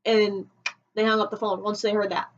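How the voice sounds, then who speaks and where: A woman telling a personal story on a vlog, emotional and halting, often restarting her sentences. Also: mid-range voice, level tone. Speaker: vlogger. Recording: dull lo-fi home recording.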